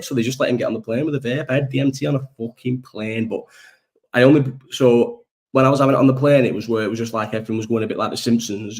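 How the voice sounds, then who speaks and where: Young guy doing a live stream, rambly and sweary, laughs a lot, normal pitch. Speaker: live-stream chat host. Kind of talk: casual live-stream chat.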